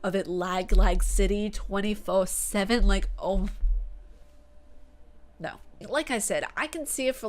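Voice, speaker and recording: A woman with a New York accent chatting casually to her gaming channel, sassy and rambling, often correcting herself mid-sentence. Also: medium pitch. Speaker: gaming YouTuber. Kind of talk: casual vlog chat.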